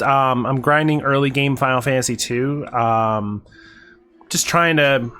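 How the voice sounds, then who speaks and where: A man's voice: medium pitch, sharp tone. A man chatting casually on a live stream while playing a game, rambling with lots of fillers and some swearing. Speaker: variety streamer.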